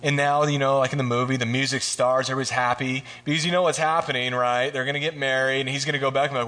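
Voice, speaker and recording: A man giving a casual, joking sermon, retelling scripture and acting out the characters in quick voices. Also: mid-range voice, fairly even intonation, bright, forceful tone. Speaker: preacher.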